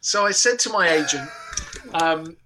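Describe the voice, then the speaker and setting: A man telling a comic anecdote in a lively, casual way, with restarts and laughter. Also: fairly high pitch, a little slow, background noise. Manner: animated storytelling with laughter and restarts. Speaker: guest comedian. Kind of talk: casual anecdote on a talk show.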